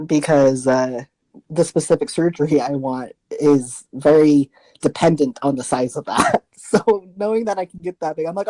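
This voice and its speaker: A man's voice: on the high side, moderate pace, dark tone, no room sound, poor audio. A man co-hosting a podcast, telling a frank, joking story in casual chat. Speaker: podcast co-host.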